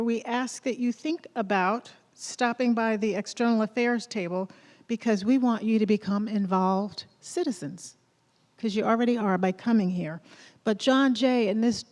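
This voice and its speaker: In a large, reverberant theater, a female college president with a Southern accent speaks from a lectern at medium pitch. Her welcome speech is off-script and loosely conversational, cheering on the audience and climbing toward loud questions meant to rally them.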